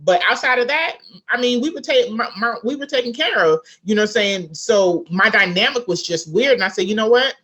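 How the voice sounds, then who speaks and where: A South Carolina author, a woman guest in a relaxed interview, tells a family story and performs the voices of the people in it. Her voice is slightly high and her delivery brisk.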